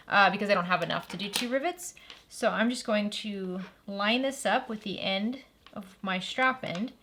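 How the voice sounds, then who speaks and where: A woman's voice: mid-range voice, a bit bright, slight background noise. A woman hosting a sewing tutorial, walking through each step in a friendly, practical way and stopping now and then to correct herself.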